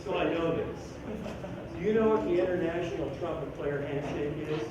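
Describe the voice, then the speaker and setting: A man with a somewhat high voice coaches a school band in an animated, joking way, singing out rhythms between instructions. He is heard from far off in a very echoey band room. Steady noise sits behind him. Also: fairly quick, highs cut off. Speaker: band clinician conducting a rehearsal. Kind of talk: rehearsal instruction.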